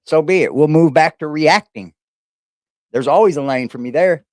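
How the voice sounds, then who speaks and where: A man's voice: on the high side, normal speed, no room sound, clean studio sound. A man hosting a reaction livestream, talking casually in a rambling, repetitive and emphatic way, with some swearing.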